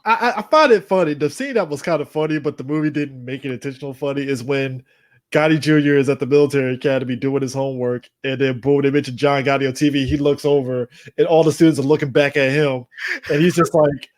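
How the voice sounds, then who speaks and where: A man's voice: medium pitch, fast talker. A man co-hosting a casual movie podcast, rambling and profane as he retells scenes and quotes characters. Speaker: podcast co-host. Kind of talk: casual chat, movie review.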